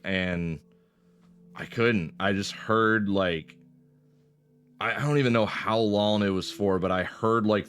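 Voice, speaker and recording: A man's voice: low voice, fairly bright tone. A man in his twenties casually telling a personal story, swearing often and rambling with fillers. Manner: swears a lot, loose rambling delivery with fillers.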